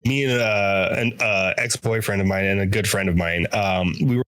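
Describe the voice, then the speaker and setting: A man's voice: fairly low pitch, steady tone, moderate pace, fairly bright tone, smooth, no echo. A man co-hosting a podcast, telling a rambling story with laughter and swearing. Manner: rambling, laughs between lines, profane. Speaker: podcast co-host. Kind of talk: casual storytelling.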